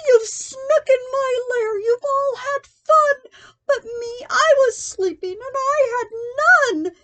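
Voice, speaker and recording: A woman's voice: very high-pitched, slow pace, fairly bright tone, voice pushed up, heavily acted. An older woman voicing a big male bear who sulks and cries, wailing in self-pity in a picture-book reading. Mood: blubbering. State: crying. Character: big sleepy male bear, weepy and sulking. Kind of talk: storybook read-aloud.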